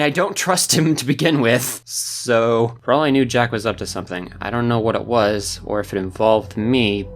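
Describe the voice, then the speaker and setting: A woman narrating a story game and reacting to its twists with excited disbelief. Her voice is very low for a woman yet swings wildly in pitch, with game music playing underneath. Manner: excitable, incredulous exclamations. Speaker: game streamer. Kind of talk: reading a visual novel aloud and reacting.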